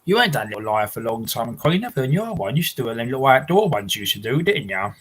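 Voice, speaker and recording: A man livestreams casually from his house, reading viewer comments and chatting in a rambling way, laughing often and swearing now and then. He talks fast in a medium-pitched, slightly bright, husky voice with big pitch swings. The recording quality is low.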